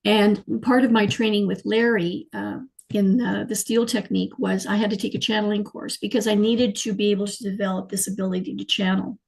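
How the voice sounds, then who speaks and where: A middle-aged woman, telling her life story as an interview guest in an animated, emotional way. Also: mid-range voice, a little fast, gravelly, hardly any pauses, slightly rough, poor audio. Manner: animated, emotional, frequent fillers and restarts. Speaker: guest, clairvoyant healer.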